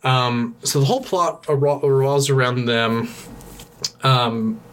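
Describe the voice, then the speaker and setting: A male podcast co-host who retells a film in loose, rambling chat. He pauses often, stacks up fillers and breaks into laughter. His voice sits in a middle range, with faint noise behind it. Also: medium pitch, a bit bright. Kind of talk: casual movie recap chat.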